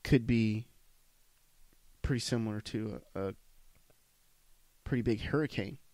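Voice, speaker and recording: A man hosts a solo podcast, ranting bluntly with lots of swearing and frequent restarts as he rambles. His voice is on the low side with a darkish tone and a measured pace, and there's no echo.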